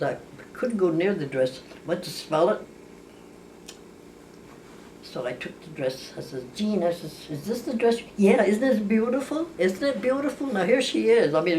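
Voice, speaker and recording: A woman's voice: deep voice, a little mellow. An older woman telling family stories in casual talk. She rambles with many restarts and corrections, and she acts out the voices of the people in her stories. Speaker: family storyteller. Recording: distant mic with faint background hiss.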